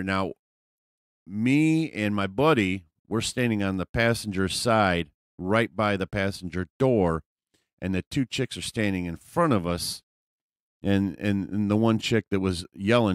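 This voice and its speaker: A man's voice: low voice, smooth, dry recording, clean studio sound. A man vlogger telling a personal story in a casual, rambling way, full of fillers and profanity.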